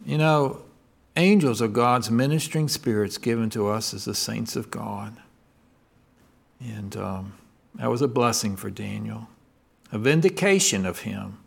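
Lively preacher man asking questions. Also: gravelly. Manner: asks the congregation call-and-response questions; swings between loud emphatic lines and low quiet ones. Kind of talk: sermon.

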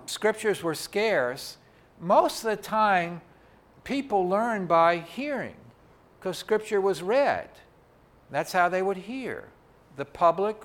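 In a church sanctuary, a pastor speaks into a microphone for the Sunday service, his voice pitched a little high. The sermon feels folksy and conversational, punctuated by frequent asides aimed directly at the congregation.

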